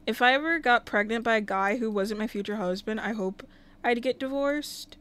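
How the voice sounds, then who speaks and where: A woman's voice: a little high, normal speed, fairly bright tone, clean tone. A woman casually commenting while livestreaming a life-sim game, talking to the characters and thanking viewers. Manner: chatty, talks to game characters and chat.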